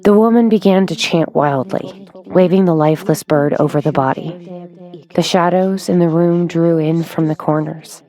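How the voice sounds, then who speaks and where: A woman narrating a horror story in a hushed, drawn-out way, sometimes dropping to a whisper. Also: low voice. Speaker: audiobook narrator.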